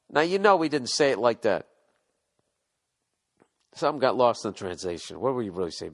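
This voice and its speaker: A man's voice: fairly low pitch, animated, fairly quick, long pauses. A man hosting a podcast, delivering a rambling, profane, sarcastic comedic rant. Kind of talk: ranting comedic monologue.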